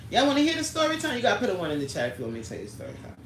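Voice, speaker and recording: A woman's voice: mid-range voice, wildly swooping pitch, rapid-fire. Chatty woman livestreaming in an echoey room. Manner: chatty, answers the live chat by name, storytelling. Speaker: livestream host chatting with viewers. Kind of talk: casual livestream chat. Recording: roomy echo, faint background noise.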